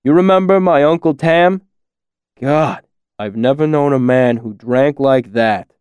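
A man's voice: mid-range voice, unhurried, a little mellow, clear, resonant tone, no echo, close to an everyday voice. A man voicing a friendly village man with a chatty, easygoing manner. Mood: amused.

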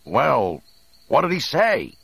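A man's voice: low-pitched, expressive, unhurried, fairly bright tone, no room sound, heavily acted. A man reading aloud voices a brash, wary male smuggler captain with a blunt delivery. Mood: shouting.

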